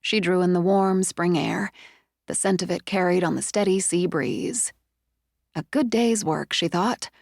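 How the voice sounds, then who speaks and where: A woman narrating a suspense audiobook in a measured, expressive way, close to a studio mic. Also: fairly low pitch, creaky, no room sound. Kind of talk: scripted narration.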